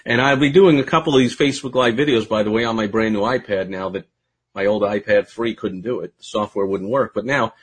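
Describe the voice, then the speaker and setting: A man ranting in a casual live video outdoors by a pool, animated, swinging between loud outbursts and quiet asides. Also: lowish voice, fairly quick, breathy edge. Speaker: livestream host.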